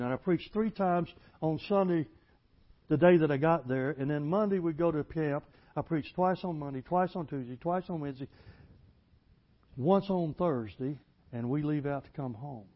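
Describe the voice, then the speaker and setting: A man preaching a folksy storytelling sermon, plainspoken and building to loud, emphatic passages. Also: on the high side. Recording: dull lo-fi recording.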